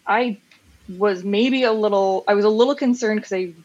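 A woman's voice: mid-range voice, moderate pace, a little mellow, lo-fi sound, slight background noise. Enthusiastic chatty woman. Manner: enthusiastic, rambling with fillers. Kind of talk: casual chat about comics and TV.

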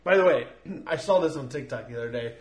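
A man's voice: medium pitch, lively intonation, fast. A man co-hosting a podcast, easygoing and chatty, laughing often as he leads the questions. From Ohio. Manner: easygoing, laughs a lot, uses bro and like. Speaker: podcast co-host. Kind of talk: casual chat. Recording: echoey room.

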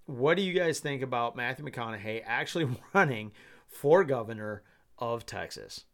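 A man hosting a solo podcast, giving rambling commentary in an animated way and laughing often. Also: mid-range voice, normal speed. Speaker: podcast host.

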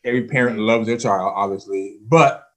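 A man's voice: on the low side, a little fast. A man hosting a podcast, asking casual, curious questions and often restarting mid-sentence. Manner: curious, loose phrasing, restarts his questions. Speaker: podcast host.

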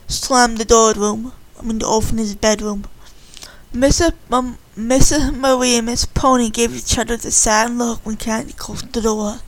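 A woman narrates a story in a relaxed, informal way, stopping now and then to correct herself. Her voice is high. The recording is dry and close. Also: moderate pace, dry recording, low-quality recording. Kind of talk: casual story retelling.

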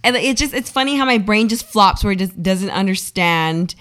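A woman co-hosting a radio chat show who speaks English and Spanish, telling funny stories with lively acted-out dialogue. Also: medium pitch, normal speed. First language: bilingual English and Spanish. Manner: bubbly storyteller, acts out family dialogue. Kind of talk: casual chat.

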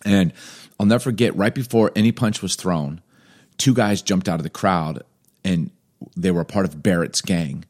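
A man from Chicago, a podcast co-host, telling a story in casual chat, animated and self-mocking, laughing often. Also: deep voice, normal speed.

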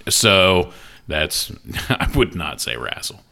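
A man from Ohio trading jokes on a casual podcast, his voice swinging widely in pitch. His tone is bright and forward, and he laughs often and swears freely. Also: big pitch swings, slow pace, gravelly. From Ohio, Columbus area. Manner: laughing, joking banter with profanity. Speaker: podcast co-host.

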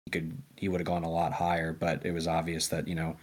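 A young man with a very low voice gives his takes in relaxed podcast banter. He stumbles and restarts often, piling up fillers as he thinks aloud. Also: breathy edge. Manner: halting, many restarts and fillers. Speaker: podcast co-host. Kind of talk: casual sports chat.

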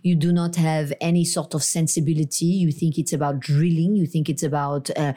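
A woman voices a haughty French lady arguing about romance with a thick French accent. Her voice sits low and warm, unhurried and scornful. She flirts and sneers in the same breath, as in a comedy podcast. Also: level tone. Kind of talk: improvised comedy podcast character.

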